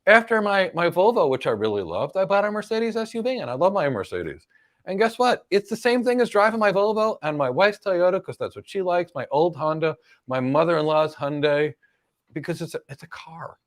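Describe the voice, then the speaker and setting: Speaking brisk and high-pitched with a sing-song lilt, a middle-aged American man hosts a live Q&A on cloud careers. He's emphatic, leans on rhetorical questions, and circles back to repeat the key ideas.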